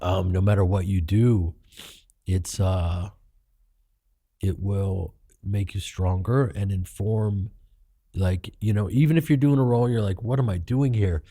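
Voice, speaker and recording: A middle-aged man with a low, dark voice tells candid stories in an interview. He is animated and profane, and he jumps higher when he acts out the people he quotes. The sound is dry and close to the mic. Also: a little slow, husky, no echo. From Chicago, United States. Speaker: guest actor and comedian.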